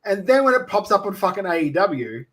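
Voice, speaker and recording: A man's voice: high voice, sing-song, fairly quick, a bit bright. An Australian man who works as a wrestling manager, talking casually on a podcast. He rambles with many fillers and swears freely. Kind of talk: casual chat.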